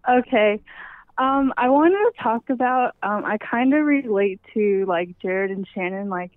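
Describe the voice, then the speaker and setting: A woman's voice: on the high side, lively intonation, a little slow, dry recording. A woman calling into a podcast, out of breath, rambling with many fillers and apologizing. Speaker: caller. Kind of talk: casual phone call. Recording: dry tinny phone line.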